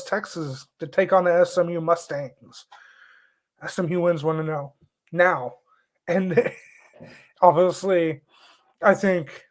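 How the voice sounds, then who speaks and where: A man hosting a sports show, casually talking through his college football picks, rambling and correcting himself as he goes. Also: a little high. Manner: rambling, self-correcting, joking melodramatic disgust. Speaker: sports podcast host.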